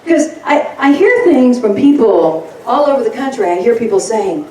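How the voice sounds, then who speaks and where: A woman's voice: fairly high pitch, big pitch swings, normal speed, dark tone. A woman giving a folksy, fired-up political rally speech, laughing often as she talks. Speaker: rally speaker. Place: rally crowd event. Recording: echoey sound from far off.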